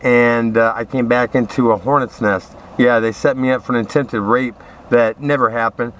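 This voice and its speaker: A man's voice: medium pitch, steady tone, normal speed, fairly bright tone, a little hiss or hum. A man in a profane, rambling, aggrieved rant, talking straight at his listeners. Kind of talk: ranting monologue to camera.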